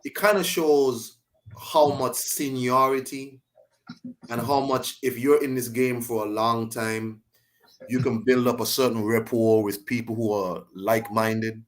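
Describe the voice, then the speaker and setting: A man appearing as a guest commentator in a casual discussion, opinionated and quick to laugh. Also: mid-range voice, steady tone.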